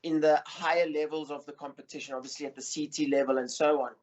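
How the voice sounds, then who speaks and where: A middle-aged man talks casually as an interview guest, with a voice a little higher than most men's. He rambles, full of ums and restarts. The sound is muffled and lo-fi. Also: fairly even intonation, quick pace, a little mellow. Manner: rambling with many fillers and restarts. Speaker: interview guest, surf head coach. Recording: muffled lo-fi recording.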